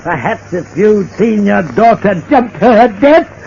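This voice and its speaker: Direction: a grieving madman with an Australian accent; gloat slowly, let the pitch swoop; old radio recording. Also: sing-song, gravelly, darkish tone, exaggerated voice. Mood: frenzied. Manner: taunting, gloating, drawn-out menace. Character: vengeful grieving male bridge worker, unhinged. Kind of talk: 1940s radio acting. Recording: dull old radio transcription with faint hiss.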